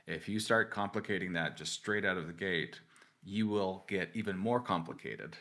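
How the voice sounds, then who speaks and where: A man hosting a technical podcast interview, chatting in a relaxed way with the odd stumble. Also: low-pitched, normal speed. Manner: conversational, some stumbles. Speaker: podcast host. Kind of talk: casual interview.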